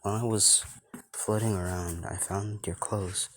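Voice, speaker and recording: A man's voice: low-pitched, fairly even intonation, a little slow, slight background noise. A man doing a loyal young woman companion. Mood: calm.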